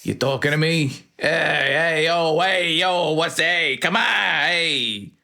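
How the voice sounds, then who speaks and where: A man's voice: fairly high pitch, takes it slowly, vocal fry, pushed and bright, voice pushed up, full character voice. A man voicing a pushy, money-grubbing male street informant with a put-on tough-guy accent and nagging patter. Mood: wheedling.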